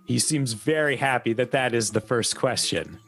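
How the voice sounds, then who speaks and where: A man's voice: medium pitch, expressive, normal speed, fairly bright tone, faint music behind. Man narrating as game master.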